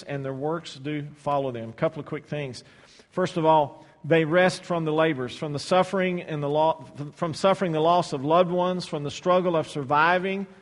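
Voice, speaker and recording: A man preaching a sermon, swinging between loud, stretched-out scripture reading and soft, low asides, often repeating words as he restarts. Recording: long hall reverb.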